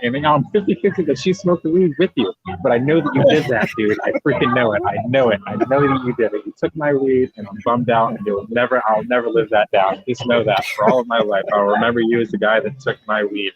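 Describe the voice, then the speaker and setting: A young man from Massachusetts, a podcast guest, telling stories in a lively, joking, emphatic way and swearing freely. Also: mid-range voice, quick pace, few pauses, slightly rough. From New Bedford, Massachusetts. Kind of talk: casual storytelling chat. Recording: dull lo-fi podcast audio.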